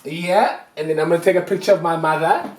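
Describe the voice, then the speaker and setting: A man's voice: on the high side, steady tone, fast. A man from South Africa, a guest on a podcast, chatting in a playful, teasing way. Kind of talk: casual chat.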